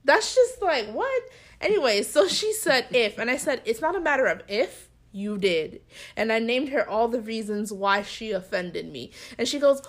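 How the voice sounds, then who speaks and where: A woman's voice: on the high side, normal speed. A young woman chatting casually as a podcast co-host, telling a story and acting out the people in it. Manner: animated storyteller, acts out quoted people. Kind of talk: casual chat.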